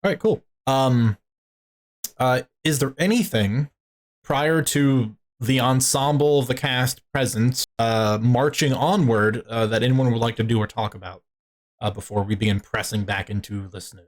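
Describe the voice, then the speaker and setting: A man's voice: mid-range voice, unhurried. A man running a tabletop game as game master, rambling with many filler words.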